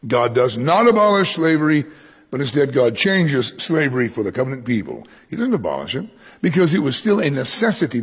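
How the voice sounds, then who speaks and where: A man with a raspy, breathy voice preaches a study, his pitch leaping up for emphasis and dropping low for asides. He talks to the congregation directly, checking that they follow. His words ring out with long reverb in a large hall. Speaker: pastor. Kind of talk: verse-by-verse Bible teaching sermon.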